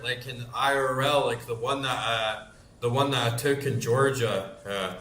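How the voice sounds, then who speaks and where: A man in his forties rambles through a story, packing it with fillers and frequent swearing. His voice sits in a middle pitch, and a roomy echo hangs around it. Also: steady tone, measured pace, fairly bright tone. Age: 40s. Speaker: gaming YouTuber. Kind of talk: casual storytelling.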